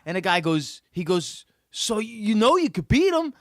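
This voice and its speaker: Lively New Jersey man telling stories. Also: high-pitched, moderate pace, no room sound, clean studio sound. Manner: animated storyteller, acts out quotes, laughs often. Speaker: podcast co-host. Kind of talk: casual chat.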